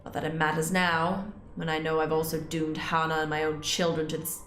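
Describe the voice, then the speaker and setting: Young female game host, low-pitched, dramatic reader, echoey room with music. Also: brisk. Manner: expressive, breaks into panicked rambling. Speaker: gaming channel host. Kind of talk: dramatic reading of a visual novel.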